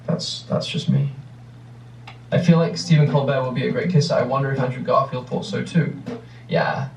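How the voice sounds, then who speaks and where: A man's voice: medium pitch, big pitch swings, normal speed, creaky, darkish tone, reverberant, far from the mic, slight background noise, low-quality recording. A man in his thirties with an English accent, answering questions in a rambling, reflective way with many restarts. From England. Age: 30s. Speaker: actor answering fan questions. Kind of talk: casual interview answers.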